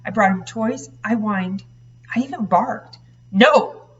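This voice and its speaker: A woman reading a novel aloud in a steady, expressive voice. The sound is dull and muffled, and she is set back from the mic. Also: medium pitch, measured pace. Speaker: reader. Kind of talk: audiobook read-aloud narration. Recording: dull, slightly distant recording.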